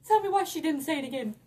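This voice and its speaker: A woman telling a story in a casual, animated way, saying "like" a lot and often laughing mid-sentence. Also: extremely high pitch. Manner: chatty and animated, heavy use of "like". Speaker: vlogger.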